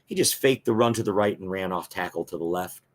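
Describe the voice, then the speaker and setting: A man's voice: low-pitched, a little fast. A man hosting a football talk show, giving fan opinions and reading viewer comments in a casual, chatty way with frequent filler words.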